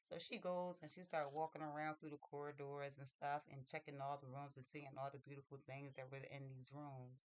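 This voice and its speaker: A woman with a low, smooth voice retells a novel in loose, rambling fashion, full of fillers and restarts. The sound is close and dry, with no room echo. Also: little pitch movement, a little fast, hardly any pauses. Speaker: book reviewer. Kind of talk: casual storytelling retelling a novel.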